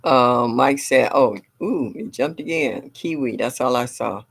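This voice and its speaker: A woman's voice: a bass voice, expressive, measured pace, vocal fry, slightly rough. An older woman hosting a gardening livestream, chatting casually and reading viewer comments aloud. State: a little sore.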